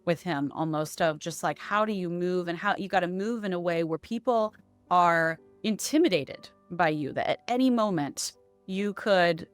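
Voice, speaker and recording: Low-voiced woman voice coach explaining. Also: normal speed, smooth, soft background music. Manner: explanatory, often adds "right?". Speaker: voice and accent coach. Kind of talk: conversational interview.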